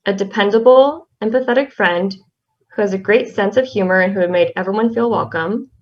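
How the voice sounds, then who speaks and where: A young woman, a class representative, reading a tribute poem in a soft-spoken, halting way with fillers. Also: medium pitch. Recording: slightly dull lo-fi audio.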